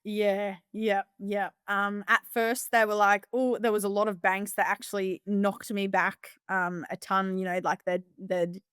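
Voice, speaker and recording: A woman's voice: mid-range voice, little pitch movement, a little slow, few pauses, fairly bright tone, clean tone, no echo. A young woman with an Australian accent chats bluntly as a podcast guest. She swears freely and acts out what other people said. Her voice sits mid-range, close and dry. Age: 20s. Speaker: guest farmer. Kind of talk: casual podcast chat.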